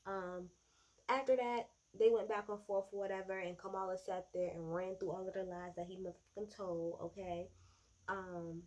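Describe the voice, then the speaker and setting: Young woman, casual political recap, sarcastic, swearing, loud bursts of outrage. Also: medium pitch, fairly even intonation, normal speed. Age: 20s. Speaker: political commentator.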